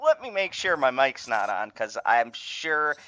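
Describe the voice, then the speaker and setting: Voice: medium pitch, sing-song, unhurried, pushed and bright, no echo. A co-host of an online review show chatting casually over a video call, laughing often and restarting sentences. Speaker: podcast co-host.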